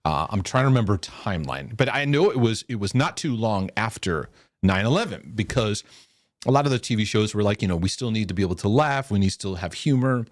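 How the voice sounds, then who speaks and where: A man's voice: on the low side, a little fast, dry recording, studio quality. A man, a former pastor from the United States, telling a story in casual chat and quoting what people said. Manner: animated storyteller, repeats words, quotes people. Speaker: podcast host, former pastor.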